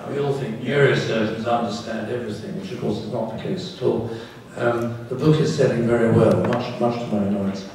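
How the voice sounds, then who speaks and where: A man's voice: mid-range voice, steady tone, brisk, darkish tone, slight background noise. An older English neurosurgeon in his sixties giving a candid, wry public talk in a lecture hall. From England. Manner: wry, candid, self-deprecating asides. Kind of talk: public talk with audience questions. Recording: echoey hall from far off.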